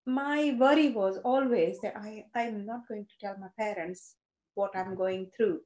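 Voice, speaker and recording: A woman, a Gujarati speaker who tells her life story haltingly, with many fillers and restarts. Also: mid-range voice, a little mellow. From India (Gujarat). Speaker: interviewee. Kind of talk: personal storytelling. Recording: roomy echo.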